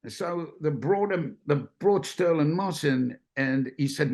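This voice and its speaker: A man's voice: fairly high pitch, animated, measured pace, a little mellow. A man, a guest on a talk show, telling rambling anecdotes in a casual way and acting out the people in them. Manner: rambling, acts out quotes, laughs.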